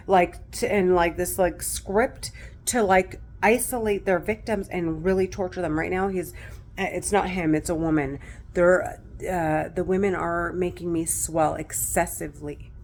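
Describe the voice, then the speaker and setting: A woman's voice: lowish voice, a little hiss or hum. A middle-aged woman speaking straight to camera, distressed and close to tears, talking in an agitated, repetitive way with a lot of swearing. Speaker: vlogger. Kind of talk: agitated direct-to-camera monologue.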